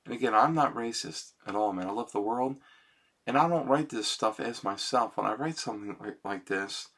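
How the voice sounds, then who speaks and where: An amateur songwriter talks casually into his computer's webcam mic in a mid-range voice at a moderate pace. He rambles self-consciously, often tossing in "man" and "you know," before quietly reciting his own lyrics.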